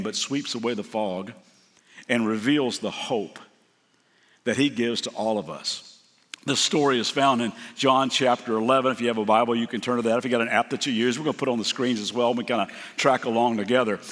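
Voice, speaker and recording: Middle-aged male preacher, storytelling sermon delivery, acts out quotes, mid pitch, big hall reverb. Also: a bit bright. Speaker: guest pastor.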